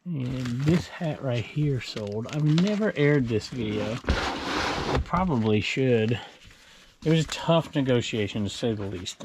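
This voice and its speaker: An online reseller walks through his storage bins in an indoor storage room, showing items he has sold in a casual vlog. He chats and rambles at a medium pitch, chuckling to himself now and then, against a noisy background.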